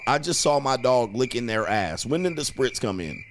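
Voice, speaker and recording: A man's voice: medium pitch, animated, brisk, few pauses, fairly bright tone. A man coaching and commenting on clips in a crude, mocking way, laughing often. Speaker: dating coach.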